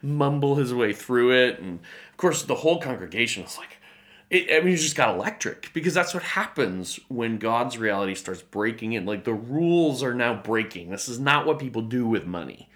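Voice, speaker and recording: A pastor telling a story as a guest in an interview, animated and acting out the voices of people in his story, laughing often. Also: mid-range voice, moderate pace.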